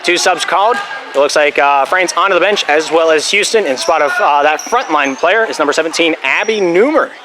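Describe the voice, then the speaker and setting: A young man doing volleyball play-by-play in a school gym, calling the plays fast and dropping jokey, rambling asides, a bit out of breath. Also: on the high side, noisy background. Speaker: play-by-play announcer. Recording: loud gym ambience.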